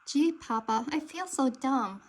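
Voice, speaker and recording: A woman's voice: high voice, expressive, measured pace. A woman voicing a frightened little girl bunny, breathless and pleading in a storybook reading. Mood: sheepish.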